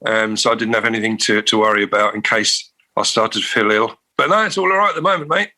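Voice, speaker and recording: A man's voice: lowish voice, quick pace, pushed and bright. A man co-hosting a podcast in casual chat, laughing often and restarting his sentences. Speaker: podcast co-host.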